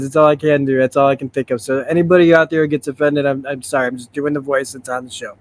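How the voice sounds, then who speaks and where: A man's voice: medium pitch, flat delivery, fast talker, few pauses. A man hosting a comic book show, chatting casually and reading the comic aloud, with lots of fillers. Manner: chatty, filler-heavy, laughs at himself. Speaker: host.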